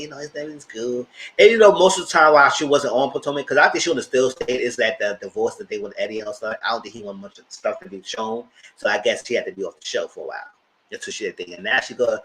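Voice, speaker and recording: A man hosting a live TV review, chatting casually in a blunt, slangy, animated way. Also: medium pitch, brisk, low-quality recording. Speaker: host of a TV review channel.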